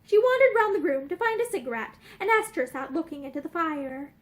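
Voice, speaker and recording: A young woman reading a novel aloud with expressive storytelling narration. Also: extremely high pitch, fairly quick. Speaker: reader. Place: indoor room with bookshelves.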